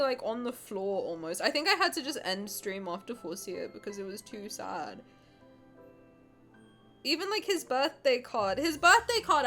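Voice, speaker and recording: A woman's voice: on the high side, fairly bright tone. A woman streamer reads a game story aloud and reacts to it with effusive, emotional chatter. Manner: effusive, emotional, laughs often.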